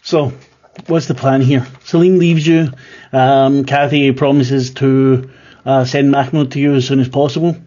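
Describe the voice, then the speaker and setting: A man's voice: mid-range voice, level tone, unhurried, mellow, dull audio. A man running a tabletop horror game as keeper, talking casually with lots of fillers and restarts. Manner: rambling, filler-heavy, self-deprecating.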